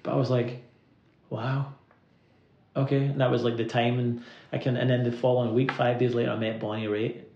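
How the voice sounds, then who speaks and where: A man with a Scottish accent and a creaky, gravelly voice tells long, meandering stories as a guest musician, laughing along the way. His speech is loose and chatty, packed with "like". The recording sounds roomy and a little dull. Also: medium pitch, little pitch movement, darkish tone. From Scotland. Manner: rambling anecdotes full of "like" fillers, quick to laugh. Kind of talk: casual storytelling interview.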